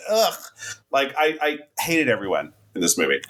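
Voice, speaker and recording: A man of ordinary mid pitch co-hosts a film review chat. He sounds exasperated and sarcastic, swearing casually as he tears into the plot. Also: wildly swooping pitch, normal speed, a bit bright. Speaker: podcast co-host.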